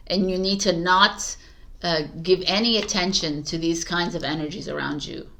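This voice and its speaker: A woman's voice: lowish voice, sharp tone. A woman giving a casual spoken tarot reading, chatty and encouraging, with frequent fillers and restarts. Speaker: tarot reader.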